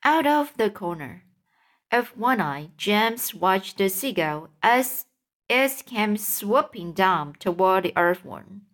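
A woman reading a children's storybook aloud, slow and careful, with occasional slips. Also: mid-range voice, expressive, fairly bright tone. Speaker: reader.

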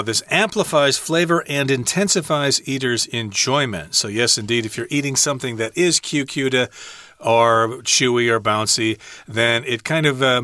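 A man with a bright, forceful voice co-hosts a radio English lesson. He fills his sentences with "uh" and slows down to stress key words. The sound is dry and close. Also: mid-range voice, dry recording. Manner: many "uh" fillers, stretches key words. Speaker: English teacher.

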